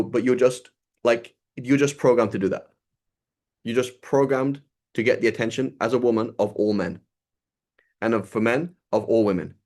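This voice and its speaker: A man's voice: mid-range voice, darkish tone. A man teaching an informal sermon, conversational and loose, often checking in with "right?". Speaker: religious teacher.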